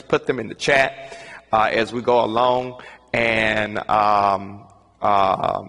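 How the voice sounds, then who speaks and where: A man leading an online Bible study, talking in a measured way with lots of fillers and repeated phrases. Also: medium pitch, a bit bright. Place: indoors, streamed to a virtual audience. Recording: long hall reverb.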